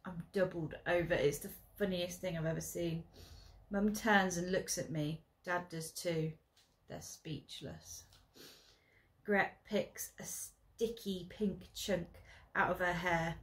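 Teacher, female, reading a story aloud to her class; expressive, gets loud on dramatic beats. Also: fairly low pitch, slow.

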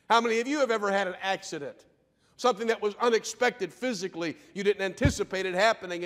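A man preaching a sermon from the pulpit, his voice sitting fairly high for a man. He slows down and presses on key phrases for emphasis. The sound rings out with a long reverb through the church sanctuary. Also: a bit bright. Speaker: pastor.

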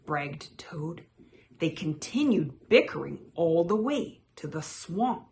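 Slow, expressive woman reading a story. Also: fairly low pitch, vocal fry, slight background noise. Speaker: storytime reader. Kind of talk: children's picture-book read-aloud.

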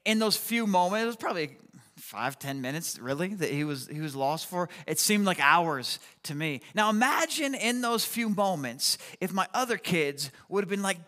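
Guy pastor preaching, bright sharp voice, chatty and animated, long hall echo. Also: high-pitched, normal speed. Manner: animated, chatty, frequent "like" fillers. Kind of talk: sermon with personal storytelling.

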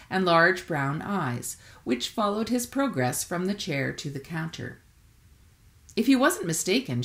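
Low-voiced woman author reading aloud. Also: a bit bright. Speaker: author reading her book. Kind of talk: audiobook narration.

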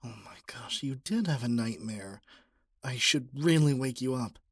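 A man voicing an obsessive young male stalker in a whispered role-play, talking softly with stammers and pleas. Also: mid-range voice, lively intonation, unhurried, no room sound. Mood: hushed, infatuated, then panicked, pleading. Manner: soft, stammering, pleading.

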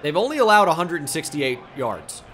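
A man's voice: fairly high pitch, very animated, a little fast, fairly bright tone, slight background noise. A young man commentating his own video game as a gaming YouTuber, switching between mock play-by-play and frustrated outbursts.

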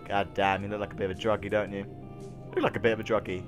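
A young man doing let's play commentary on a video game, excitable, dropping from low mutters to loud yells. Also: moderate pace, soft background music. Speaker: gaming YouTuber.

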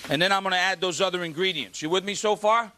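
A man's voice: high voice, fast talker, sharp tone, a little hiss or hum. A man hosting a live cooking show, chatting and joking with the studio audience as he demonstrates a recipe.

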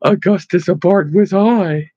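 A man's voice: high voice, dark tone, husky, no echo. A man doing Augustus, sing-song ghost bard. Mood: chanting. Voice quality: sing-songy. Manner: slow, chanting delivery. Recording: dull lo-fi dry recording.

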